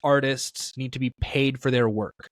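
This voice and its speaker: A man's voice: mid-range voice, steady tone, unhurried, no room sound. Rambling man in a dry podcast chat. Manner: rambling, self-correcting, thinks aloud. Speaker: podcast co-host. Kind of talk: casual podcast discussion.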